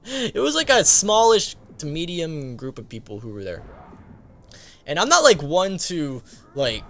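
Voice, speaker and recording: A man's voice: on the high side, very animated, a little slow, a bit bright. Rambling man telling a casual story. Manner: rambling, filler-heavy, frequent laughs. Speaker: gaming YouTuber. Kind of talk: casual story-time vlog.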